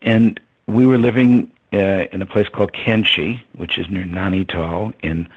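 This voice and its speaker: An older man with a husky voice, reflectively telling a story as an interview guest. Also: low voice, fairly even intonation, measured pace. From United States. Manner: reflective, with many ums and soft laughs. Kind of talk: storytelling in conversation. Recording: dull lo-fi sound.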